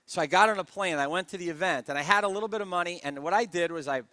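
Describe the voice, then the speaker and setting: Guy giving a pumped-up network marketing talk, high bright voice, keeps asking the crowd stuff, dry sound. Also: racing, no echo. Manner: energetic storyteller who keeps asking the crowd. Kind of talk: motivational stage talk.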